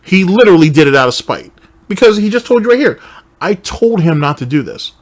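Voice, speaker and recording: A man's voice: fairly high pitch, animated, fairly quick. A man hosting a reaction commentary show, talking in a blunt, profane and confrontational way. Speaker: commentary channel host.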